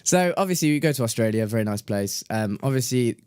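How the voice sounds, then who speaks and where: A man's voice: mid-range voice, expressive, fast, darkish tone, clear, resonant tone, no echo, studio quality. Chatty young man telling stories. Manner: chatty, laughs often, rambling. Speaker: podcast co-host. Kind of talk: casual chat, storytelling.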